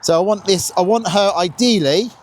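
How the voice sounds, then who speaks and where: A man's voice: high-pitched, moderate pace. A man coaching dog owners on a walk outdoors, instructive and encouraging. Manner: encouraging, instructive, lively sing-song praise. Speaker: dog trainer. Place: outdoors on a path.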